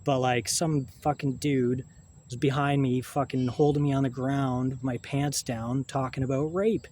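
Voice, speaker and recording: Man, middle-pitched, halting vlog monologue, restarts and profanity, faint background noise. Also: fairly even intonation, darkish tone. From Canada. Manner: halting, rambling, with frequent swearing and restarts. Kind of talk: rambling monologue to camera.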